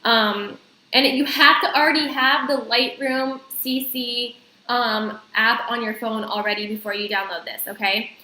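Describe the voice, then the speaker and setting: A woman vlogger talks viewers through a casual tutorial, chatty and full of fillers. Her voice is fairly high and bright. The room around her sounds echoey. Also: fairly even intonation, measured pace. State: slightly out of breath. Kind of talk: casual screen-share tutorial.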